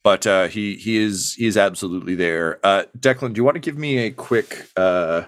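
A young man narrates a tabletop game in a fairly low voice. He rambles, hunting for words with many ums and uhs. The sound is dry and close. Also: moderate pace, dry recording. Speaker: game master.

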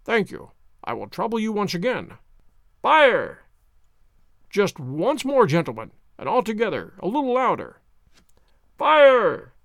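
A man's voice: sits high, wildly swooping pitch, normal speed, dry recording, clean studio sound, exaggerated voice. A man reading the lines of a confident, wry detective, poised and commanding in an audiobook. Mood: rallying. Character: sharp, confident male detective, theatrical.

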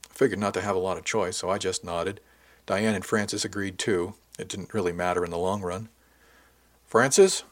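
A man reading a novel aloud in the first person, with a low-set voice. His storytelling is measured and lightly wry, in a steady audiobook delivery. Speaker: audiobook narrator.

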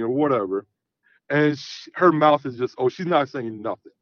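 A man's voice: on the high side, a little fast, no echo, dull audio. A man in his thirties calling in to a talk show, telling a profane story casually and acting out the dialogue. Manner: animated, profane, acts out quoted dialogue. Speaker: caller.

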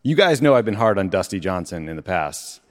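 A man's voice: sits low, big pitch swings, brisk, big-room sound. A man co-hosting a live political podcast, joking with the others and reading quotes to set up topics. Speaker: podcast co-host. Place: live stage before an audience.

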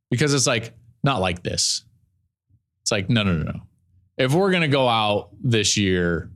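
A middle-aged man hosts a sports opinion show, breaking down college football with animated, emphatic delivery and repeating phrases for effect. His voice is medium in pitch.

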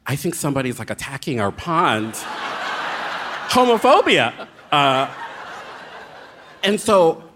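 A man telling a dramatic, comic story as a guest author on a live show, with quick asides. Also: mid-range voice, expressive, fairly bright tone, a little hiss or hum.

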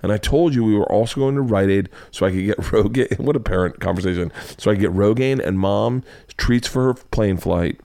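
A man's voice: fairly low pitch, a little fast, creaky, dry recording, clean studio sound. A middle-aged man telling family stories in a casual chat, swearing freely and acting out his kids' voices. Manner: animated, profane, acts out family voices. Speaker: podcast guest, husband.

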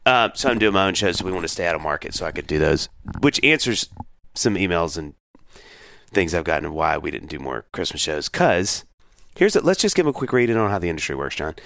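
Low-voiced animated man chatting. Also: fairly quick, gravelly, no room sound, studio quality. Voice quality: animated, rambling with restarts. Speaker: podcast co-host. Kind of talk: casual chat.

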